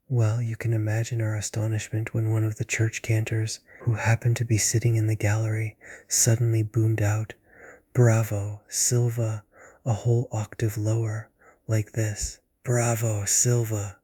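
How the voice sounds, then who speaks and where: Male reader as a pompous old manager, breathy, flat, whispered role-play. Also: fairly low pitch, unhurried, no room sound.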